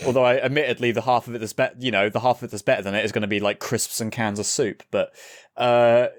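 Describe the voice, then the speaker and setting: A man's voice: mid-range voice, fairly even intonation, fast, no echo, studio quality. A man co-hosting a podcast, rambling and laughing between phrases. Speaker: podcast co-host. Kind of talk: casual chat.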